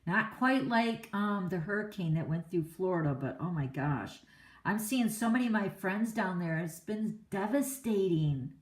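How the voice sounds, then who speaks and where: A woman's voice: mid-range voice, animated, moderate pace. A middle-aged woman hosting a card-making class, chatting in a rambling, casual way and laughing often. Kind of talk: casual chat during a live stream. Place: home craft classroom. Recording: echoey room.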